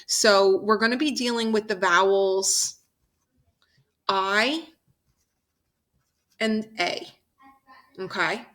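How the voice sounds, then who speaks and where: A woman teaching a phonics lesson, speaking slowly and patiently, drawing out example sounds and checking in with her class. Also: medium pitch, fairly bright tone.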